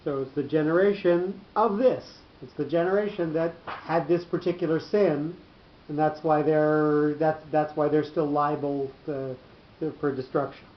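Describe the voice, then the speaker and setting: A man teaching a Torah class to a small group, explaining points step by step with halting restarts. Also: a little high, fairly even intonation, slight background noise. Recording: roomy dull lo-fi class recording.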